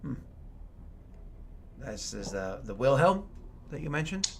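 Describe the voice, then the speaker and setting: Guy gm laid-back, wandering narration, mid pitch, bit of faint noise behind. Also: sing-song, takes it slowly, vocal fry. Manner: easygoing, meandering narration. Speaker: game master. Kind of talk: narrating a tabletop game.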